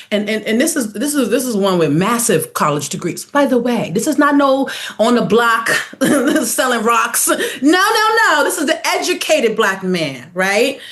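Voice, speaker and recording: A woman's voice: fairly high pitch, very animated, moderate pace, fairly bright tone. A woman in her forties from New York City, a podcast guest talking in a casual, outspoken way. She laughs often and acts out other people's voices in her stories. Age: 40s.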